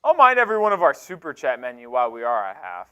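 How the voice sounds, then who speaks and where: A young man co-hosting a live sports stream, reading viewer super chats in an energetic, casual way with loud excited bursts. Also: mid-range voice, fast talker, clean tone, highs cut off.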